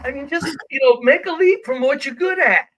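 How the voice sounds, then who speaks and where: Male livestream co-host, high bright voice, blunt and emphatic. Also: brisk, rough recording. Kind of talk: casual live-stream chat.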